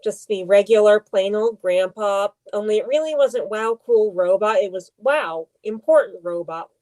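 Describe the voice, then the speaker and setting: A young woman co-hosting a podcast in casual chat, talking hesitantly with many pauses and restarts. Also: mid-range voice, dark tone, low-quality recording. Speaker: podcast co-host.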